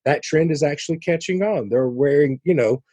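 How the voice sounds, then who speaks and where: A man co-hosting a podcast, telling stories in a casual, animated way with playful asides. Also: a little high, moderate pace, dry recording. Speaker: podcast co-host.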